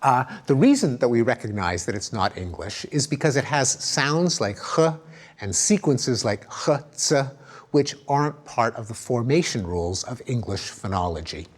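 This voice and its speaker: A man's voice: mid-range voice, lively intonation, normal speed, few pauses. A middle-aged man giving a recorded academic lecture, explaining ideas and demonstrating sounds aloud with emphatic intonation.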